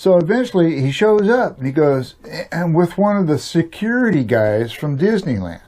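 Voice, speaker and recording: An older man telling a long personal story in a loose, rambling way, chuckling often and filling pauses with "you know.". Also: on the high side, big pitch swings, dark tone. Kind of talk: casual spoken storytelling.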